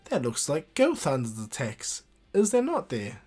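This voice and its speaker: A man's voice: a little high, huge pitch swings, a little slow, a little mellow, breathy edge, soft background music, exaggerated voice. A man voicing a sly older sorceress who muses in a knowing tone. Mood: musing.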